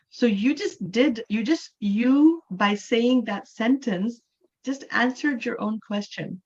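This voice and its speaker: A woman's voice: a little high, takes it slowly, lo-fi sound. A woman from Canada, a native English speaker, teaching an online English class and explaining things patiently, often checking in with "right?".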